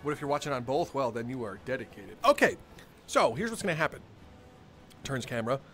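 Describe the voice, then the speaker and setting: A man's voice: medium pitch, expressive, fast talker, a bit bright, soft background music. A young man live-streaming a game from home, cheerfully greeting his chat by name and laughing often. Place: home room with dogs nearby.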